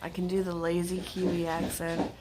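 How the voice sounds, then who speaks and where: A woman's voice: lowish voice, completely flat delivery, moderate pace, heavy background noise. A woman from Michigan hosting a casual livestream chat from home, rambling and laughing often. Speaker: livestream host. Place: home, with her dog.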